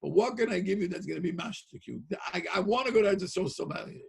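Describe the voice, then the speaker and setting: A revered old rabbi speaks with quiet, earnest longing, as a storyteller puts him on. The voice is gravelly and a little husky, pitched high for a man. It is a plain told-story voice, not a stage character. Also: lively intonation, fast, exaggerated voice.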